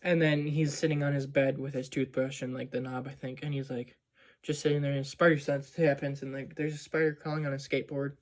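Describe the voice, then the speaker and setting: A man's voice: mid-range voice, level tone, brisk. A man casually recapping a movie scene by scene, rambling with lots of "like" and "um". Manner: rambling, full of "like" and "um". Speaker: movie vlogger.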